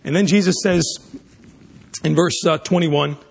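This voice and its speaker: A man's voice: a little high, measured pace, creaky, slightly rough. A man preaching a sermon, emphatic, often restarting and repeating words mid-sentence.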